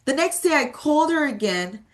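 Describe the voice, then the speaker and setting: A woman's voice: high voice, lively intonation, normal speed. A woman in her thirties giving a realtor training talk, emphatic and repeating key words as she tells stories from her work. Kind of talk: motivational training talk with anecdotes.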